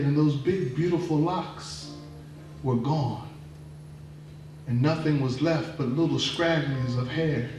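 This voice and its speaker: A man tells a folktale live in an expressive, dramatic way, stretching his words for effect. His slightly high voice rings around a very echoey venue, caught by a distant mic over faint room noise. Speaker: storyteller. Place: performance venue.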